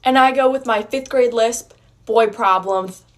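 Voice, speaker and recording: A woman's voice: high-pitched, little pitch movement, moderate pace. Chatty young woman telling a story. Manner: chatty, uses many fillers, laughs while telling. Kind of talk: casual storytelling.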